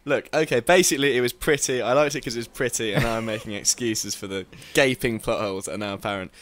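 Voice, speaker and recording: A man's voice: mid-range voice, steady tone, quick pace, a bit bright. A man from England co-hosting a casual podcast chat, joking and rambling as he talks. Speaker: podcast co-host.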